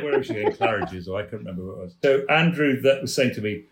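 A man, a theatre producer, tells anecdotes on a chat show. His mid-pitched voice is animated and keeps breaking into laughter. The studio adds a roomy echo. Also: fast talker, few pauses.

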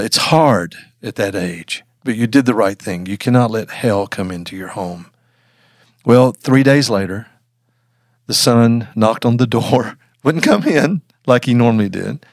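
An older man, a podcast guest, telling a story earnestly with many halting restarts, recorded close on a studio mic. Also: fairly low pitch, dry recording. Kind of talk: storytelling in an interview.

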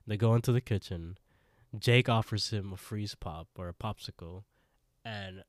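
A man with a low voice recaps a show episode in relaxed podcast chat. He acts out the characters' lines and laughs along as he goes. The recording is dry and close, with no room sound. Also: normal speed, no echo. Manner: storytelling, acting out quotes, laughing often. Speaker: podcast co-host.

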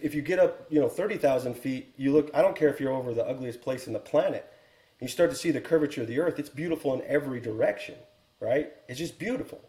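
A man's voice: a little high, warm tone, roomy sound. A man in his forties, a military pilot guest, telling a war story in an earnest, reflective way on a podcast. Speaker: guest, Air Force helicopter pilot and author.

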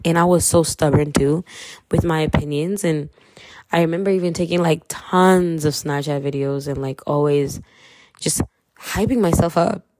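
A woman's voice: deep voice, a little mellow, dry recording, studio quality. A young woman from Kenya with a light Kenyan accent, candidly sharing her faith story in a chatty, slangy way and laughing often. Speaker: podcast host. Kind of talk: casual faith testimony.

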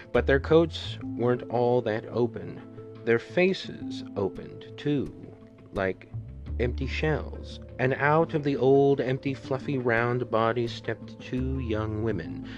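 A man reading a children's novel aloud for a podcast, steady and unhurried. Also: mid-range voice, dull audio. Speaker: podcast reader. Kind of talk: audiobook reading.

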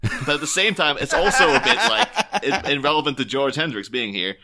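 A man's voice: medium pitch, big pitch swings, a little fast, bright, forceful tone. An Irish man with a Northern Irish accent, a podcast guest telling rambling, jokey stories in casual chat. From Ireland.

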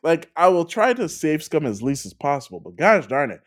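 A podcast host spinning a casual gaming anecdote with a lively, wide-ranging pitch that swoops up and down. The delivery is animated and sprinkled with "like" fillers. The voice sits at a middling pitch. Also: normal speed. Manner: laughs through stories.

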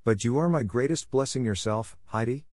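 A man's voice: medium pitch, moderate pace, a little mellow, no room sound, studio quality, voice pushed up, natural voice. A man voicing an earnest young girl coming home to her family, reading her lines with a raised, heartfelt voice. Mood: joyful.

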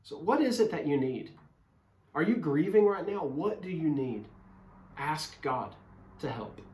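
Male pastor preaching earnestly, bit higher voice, echoey room, phone mic. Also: sing-song, measured pace, a little mellow. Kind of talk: sermon. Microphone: phone camera. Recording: roomy echo.

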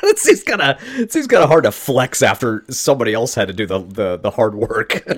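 A man co-hosting a podcast, reacting to a movie recap with swearing jokes and quick laughter. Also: mid-range voice, very animated. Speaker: podcast co-host. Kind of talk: casual movie chat.

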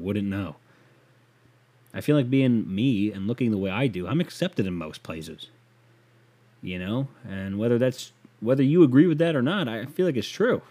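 A man's voice: medium pitch, warm tone, breathy edge. A man hosting a casual, comedic rant show, talking in a profane, sarcastic and rambling way.

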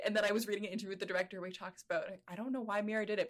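A woman's voice: mid-range voice, level tone, very fast, few pauses. A woman in her late twenties, co-hosting a podcast in casual, enthusiastic chat with many fillers. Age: late 20s. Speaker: podcast co-host.

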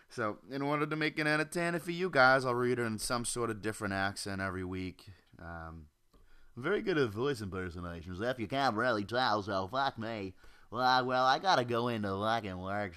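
Young male podcast host, solo rant at home, crisp voice, constant cursing, drifts off topic. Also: on the low side, pushed and bright. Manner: profane, rambling, jumps off topic. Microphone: home computer or desk mic.

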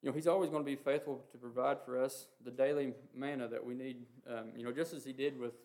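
In a flat, even, middling-pitched voice, a man delivers an informal sermon on the Lord's Prayer. He speaks haltingly, leaning heavily on "you know" and "um," stays earnest throughout, and reads scripture quotes aloud.

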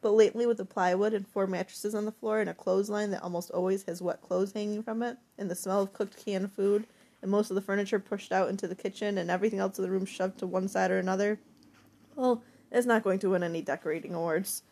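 A woman narrating a first-person, diary-style novel in a reflective, even manner. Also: medium pitch, fast talker. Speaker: audiobook narrator.

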